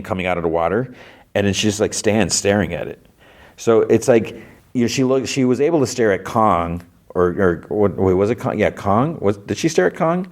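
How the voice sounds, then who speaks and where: A man's voice: low-pitched, a little mellow. A man hosting a podcast, casually recapping an episode in a rambling way with lots of fillers and short acted-out lines. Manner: rambling with many fillers, briefly acting out characters' lines in a raised voice. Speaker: podcast host.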